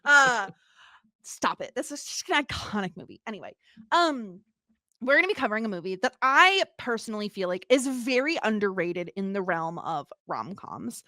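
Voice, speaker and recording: Animated woman podcast co-host. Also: mid-range voice, normal speed, no echo, clean studio sound. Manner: animated, jokey, bursts into laughs. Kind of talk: casual chat.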